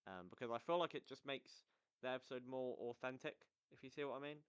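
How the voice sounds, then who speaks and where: A young man chats loosely about football in a smooth, resonant voice, sitting close to his mic. He rambles, trips over his words and laughs at himself. The recording sounds a little dull and lo-fi. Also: mid-range voice, quick pace. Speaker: football podcast host. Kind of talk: casual unscripted chat.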